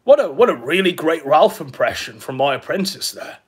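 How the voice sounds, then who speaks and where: Man, online commentator, husky voice, animated pitch, crude, taunting, profane. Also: normal speed.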